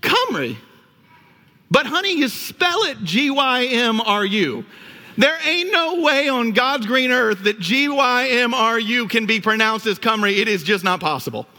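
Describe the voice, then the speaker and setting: Man playing a stubborn older father, pitched well up, bright, reverberant hall. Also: big pitch swings, unhurried, full character voice. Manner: gushing, then stubbornly insistent. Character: eager older Southern father, warm and stubborn.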